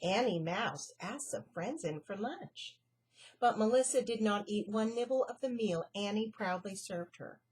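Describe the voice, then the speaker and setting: A woman reading stories aloud to children in a slow, expressive storyteller manner. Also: medium pitch, slightly rough.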